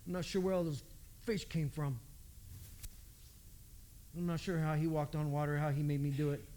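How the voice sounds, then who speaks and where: A man's voice: on the high side, flat delivery, normal speed, dark tone. A man preaching a folksy storytelling sermon, acting out the voices in the story.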